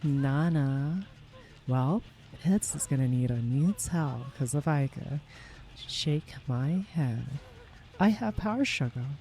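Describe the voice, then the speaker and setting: A game streamer chatting casually while playing, in a soft, hushed, ASMR-like voice, relaxed and rambling, laughing easily. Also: medium pitch, slow pace, slight background noise. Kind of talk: casual live gameplay chat.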